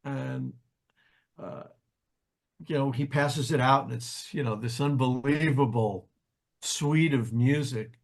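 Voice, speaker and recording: A man's voice: mid-range voice, slow, creaky, long pauses. An older man from New Jersey, a jazz pianist who is a guest on an interview show, telling stories casually with lots of restarts and acted-out quotes. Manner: animated anecdotes, acts out quoted voices, frequent restarts. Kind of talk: casual storytelling.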